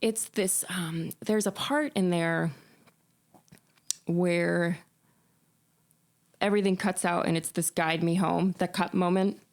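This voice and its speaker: A woman musician being interviewed, telling stories in an animated way, often laughing and restarting her sentences. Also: on the low side, slow, creaky, pauses often. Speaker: musician guest. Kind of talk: casual interview chat.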